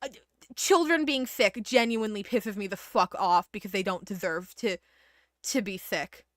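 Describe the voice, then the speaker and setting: A woman giving casual, animated gameplay commentary, blunt and swearing when upset. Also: mid-range voice, moderate pace, no room sound, studio quality. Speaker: streamer playing a video game.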